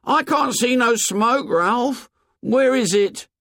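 A man voicing an anxious, short-sighted schoolboy who talks in a high, pleading, whiny way. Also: animated, slow pace, fairly bright tone, no room sound, studio quality, full character voice.

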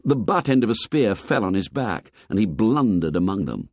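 A man narrating a novel aloud in a measured, expressive storytelling manner. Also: on the low side, dry recording, studio quality. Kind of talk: audiobook narration.

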